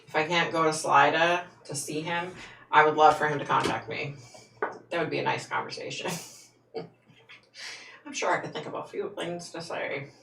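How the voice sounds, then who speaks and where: Woman, low voice, gravelly, chatty and frank, echoey room, distant mic. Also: steady tone, normal speed, pauses often, fairly bright tone, slight background noise. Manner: frank and chatty, laughs often. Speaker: psychic hosting a live stream. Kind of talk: casual live-stream chat answering viewer comments.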